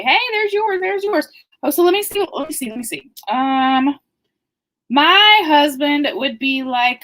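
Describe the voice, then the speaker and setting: A woman in her forties reads a picture book aloud for children, playful and quick to giggle. Her voice sits high and swoops widely up and down. She takes her time, letting each line land. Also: fairly bright tone. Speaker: children's story time host.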